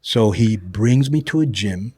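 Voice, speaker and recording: A man's voice: on the low side, lively intonation, unhurried, a little mellow, breathy edge, no echo. A middle-aged man, a guest on a show, telling stories in a casual, profane way, often saying "bro" and "you know". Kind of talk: casual storytelling.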